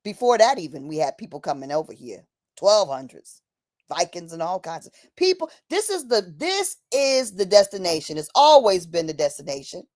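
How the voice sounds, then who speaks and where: A woman's voice: fairly low pitch, very animated, moderate pace, darkish tone, dry recording. Preachy woman streamer, dry close sound. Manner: preachy, addresses listener as honey, acts out quoted voices. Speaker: livestream host. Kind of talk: impassioned livestream monologue. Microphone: streaming setup mic.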